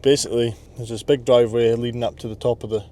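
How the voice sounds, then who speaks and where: A man's voice: medium pitch, level tone, fast talker, warm tone. Young man vlogging his workday outdoors. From Scotland. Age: 20s. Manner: chatty, self-talking, plans the workday aloud. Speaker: landscape business owner. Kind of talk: casual work vlog. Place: outdoors at work sites and yard.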